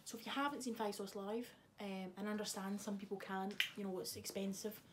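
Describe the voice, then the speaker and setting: A woman's voice: mid-range voice, fairly even intonation, a little fast, noisy background. Chatty young woman vlogger. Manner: chatty, swears freely, teasing asides. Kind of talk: casual chat.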